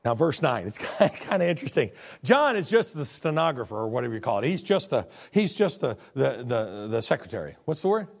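A man preaching a sermon in a folksy, conversational way, swinging from loud exclamations to hushed tones. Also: mid-range voice, very animated, fairly quick, creaky. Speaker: pastor.

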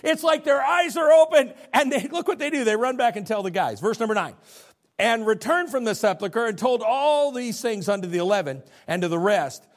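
Animated high-voiced male preacher. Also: normal speed. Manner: animated preaching, acting out biblical figures. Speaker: pastor. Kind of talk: sermon.

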